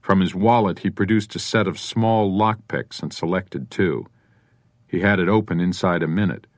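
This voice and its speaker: A man narrating an audiobook in a measured, even manner, recorded on a studio microphone. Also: low voice, dry recording. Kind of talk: scripted narration.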